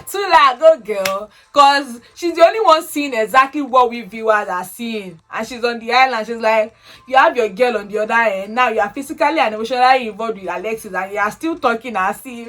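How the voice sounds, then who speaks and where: Animated young woman. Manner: animated, expressive, quick swings into high excited tones. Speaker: reality show commentator. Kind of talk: casual recap vlog.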